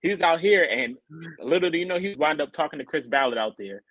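A man co-hosting a podcast, telling a story in a casual, animated way and acting out other people's lines in a higher voice. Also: quick pace, no room sound, phone-quality sound. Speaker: podcast co-host.

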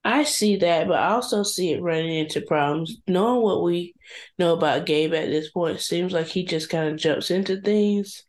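A young woman co-hosting a casual podcast, speaking in a measured, thoughtful way. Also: on the low side. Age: young adult. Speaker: podcast co-host. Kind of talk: casual chat.

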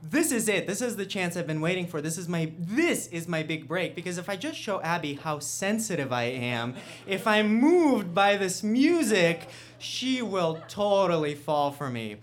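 A man from Russia telling a self-mocking story on stage before an audience, building to loud punchlines. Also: high-pitched, sing-song, moderate pace.

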